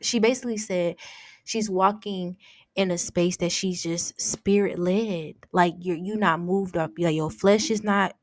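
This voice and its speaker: A woman's voice: fairly low pitch, steady tone, a little slow, no room sound. A young woman hosting a casual faith podcast, talking earnestly and confessionally, often repeating her words. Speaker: podcast host.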